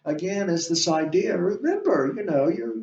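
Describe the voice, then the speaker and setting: A male instructor lecturing on a play, talking haltingly with many fillers and restarts. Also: on the high side, animated, a little mellow. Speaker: literature instructor. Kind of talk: classroom lecture. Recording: echoey room, distant mic, dull sound.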